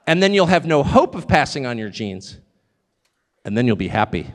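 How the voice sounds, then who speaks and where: A middle-aged American man giving a live speech to an audience, emphatic and sardonic, with sudden loud bursts. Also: medium pitch, big pitch swings, normal speed. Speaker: speaker at a public event. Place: large hall. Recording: long reverb of a large hall.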